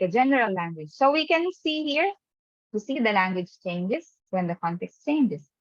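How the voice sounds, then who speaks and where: A woman's voice: fairly high pitch, no room sound. A woman teacher running an online lesson who keeps checking in with the class by asking "right?". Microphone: webcam mic on a video call. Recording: dull, dry video-call audio.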